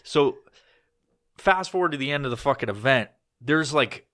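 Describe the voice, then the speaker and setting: A man on a podcast recounts a story in a rambling, foul-mouthed way, full of fillers and restarts. His voice is bright and forward, sitting at an ordinary male pitch. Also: expressive, moderate pace. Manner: rambling, profane, loose storytelling with many fillers. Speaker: podcast host. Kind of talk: casual storytelling chat.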